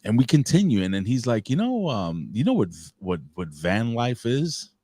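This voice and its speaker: A man's voice: mid-range voice, sing-song, moderate pace, darkish tone, dry recording. A man, co-hosting a casual podcast and telling a rambling, profane story. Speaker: co-host.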